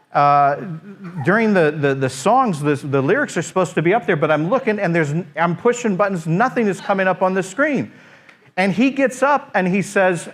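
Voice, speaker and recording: A middle-aged man preaching, his voice sitting a little high for a man. He tells a personal story in animated fashion, acting out his own exasperated thoughts as he goes. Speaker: pastor.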